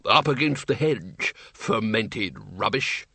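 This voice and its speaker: A man's voice: mid-range voice, animated, slow pace, vocal fry, sharp tone, slightly rough, no room sound, exaggerated voice. A man voicing a hearty, blustering, bossy middle-aged male wizard in charge.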